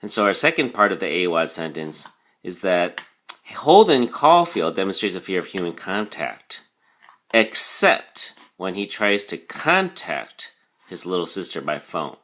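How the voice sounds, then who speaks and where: A man's voice: low-pitched, very animated, measured pace, a bit bright. A man teaching a recorded vocabulary lesson, explaining patiently with frequent ums and "okay?" check-ins.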